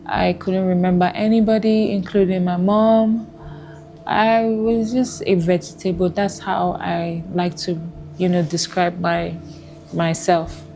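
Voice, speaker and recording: A Nigerian woman giving a personal testimony, speaking haltingly with emotional pauses. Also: lowish voice, flat delivery, vocal fry, dark tone, soft background music. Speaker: testimony guest.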